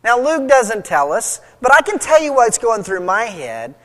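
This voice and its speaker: A man preaching a sermon, retelling a story with lively, acted-out voices for the people in it. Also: extremely high pitch, normal speed. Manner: animated storytelling, acting out quoted voices. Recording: long hall reverb.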